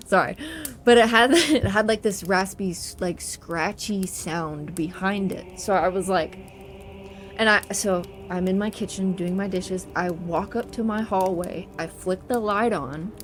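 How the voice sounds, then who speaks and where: Faint spooky piano plays as a young woman recounts an eerie personal experience, cursing, chatting and laughing her way through in social-media fashion. Her voice is medium-pitched and a bit bright, with a little hiss or hum on the recording.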